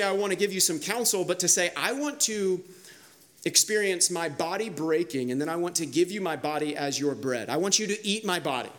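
Animated man preaching a lively sermon. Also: high-pitched. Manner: animated, emphatic, acts out quoted voices with restarts. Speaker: pastor.

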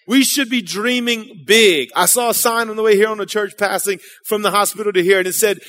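A man's voice: high-pitched, brisk, fairly bright tone. A man preaching a sermon in a church, casual and conversational, calling out to the congregation.

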